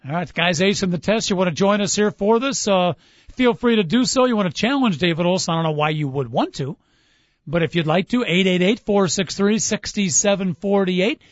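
A man's voice: high-pitched, animated, brisk, no echo. A man hosting a casual sports talk radio show, quizzing his co-host on movie lines and reading them aloud. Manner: upbeat quizzing, reads lines aloud, laughs easily. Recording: dull dry studio sound.

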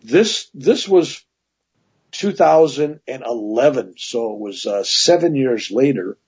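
A man's voice: medium pitch, slow pace, breathy edge, lo-fi sound. A man telling long personal stories as a guest in a casual interview, with many asides. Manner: rambling, animated anecdotes with many "right?" asides.

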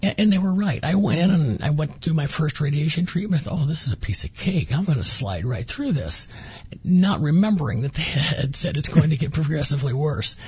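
Husky-voiced man telling his story. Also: a little high, lively intonation, fairly quick, dry recording, highs cut off. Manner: earnest, acts out quoted dialogue. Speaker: interview guest, former patient. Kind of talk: radio interview storytelling.

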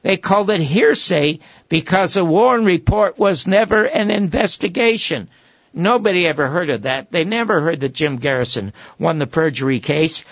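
An older man, a guest, telling long anecdotes and acting out the quoted voices, with a gravelly, husky voice. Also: a little high, moderate pace, no echo, highs cut off. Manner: animated storyteller who acts out quoted voices. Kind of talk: anecdotal storytelling.

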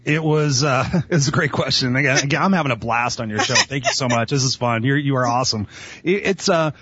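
A man telling his life story as a guest on an interview show, animated and eager, often acting out voices. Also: mid-range voice, a little fast, slight background noise. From Southern California. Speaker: podcast guest. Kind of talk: storytelling in conversation. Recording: dull lo-fi sound.

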